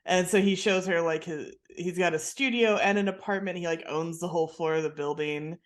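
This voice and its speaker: A woman co-hosts a podcast in relaxed, chatty talk. She swears without a second thought and laughs often while recapping an episode. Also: on the low side, a little fast. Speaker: podcast co-host. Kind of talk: casual chat recapping a TV episode.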